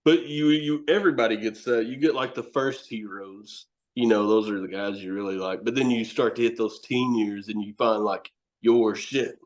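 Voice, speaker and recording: A man's voice: on the low side, steady tone, normal speed. A middle-aged man, a wrestler and horror host, telling rambling stories as a podcast guest, cursing and laughing often. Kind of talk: casual storytelling chat.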